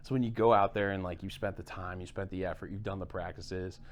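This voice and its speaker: A man's voice: low voice, steady tone, fast, slight background noise. A man hosting a sports coaching podcast who talks conversationally and reflects on competition with frequent fillers. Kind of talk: casual podcast chat.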